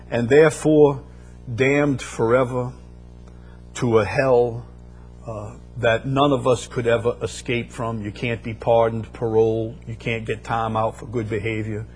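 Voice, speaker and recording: With a breathy edge to his mid-pitched voice, a pastor preaches and hammers his points through repetition that rises into louder outbursts. Faint instrumental music plays quietly in the background.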